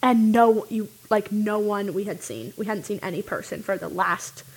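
A young woman casually telling a story, animated and full of "like" fillers. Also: medium pitch, normal speed, breathy edge, poor audio.

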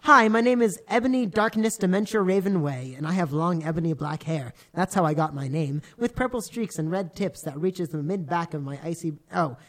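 Woman reader, comedic read-through, keeps cracking up. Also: lowish voice. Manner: laughing, breaking up mid-sentence. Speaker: co-host reading aloud. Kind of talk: comedic dramatic reading.

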